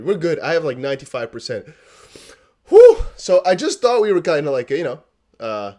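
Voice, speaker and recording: A man hosting a live crypto stream, excitable and rambling, out of breath and self-mocking. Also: fairly high pitch. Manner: excitable, shouting and laughing with relief. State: out of breath, sweating. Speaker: crypto livestream host.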